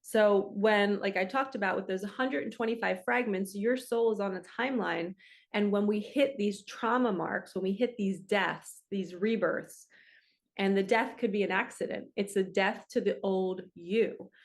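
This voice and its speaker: A woman's voice: mid-range voice, normal speed. Earnest woman, heartfelt spiritual talk. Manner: earnest and reflective, with frequent "like" and "um". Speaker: spiritual coach and channel host. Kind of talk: casual heartfelt talk to camera.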